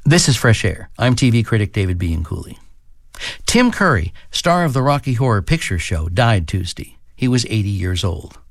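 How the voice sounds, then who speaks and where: A man introducing a radio program in a measured, solemn announcing manner. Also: lowish voice, very animated, dry recording. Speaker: radio program host, TV critic. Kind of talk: scripted broadcast introduction.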